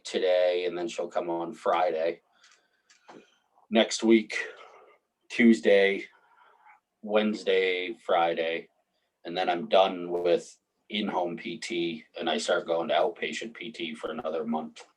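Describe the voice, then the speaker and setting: A man in his 30s, recovering from hip surgery, co-hosts a podcast in a casual chat, laid-back, swearing and laughing often. His voice is low-pitched, steady in tone, slow and slightly rough, on a low-quality recording.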